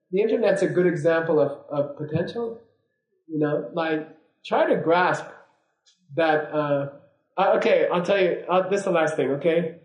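A man giving an informal, rambling teaching talk to a class, full of fillers and restarts. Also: a little high. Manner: rambling, conversational, many fillers. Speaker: spiritual teacher. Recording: roomy echo.

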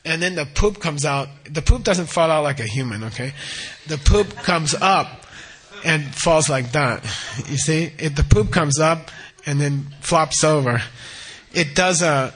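A man telling a teaching story in a casual, animated, rambling way with many fillers. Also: a little high, measured pace, slightly rough.

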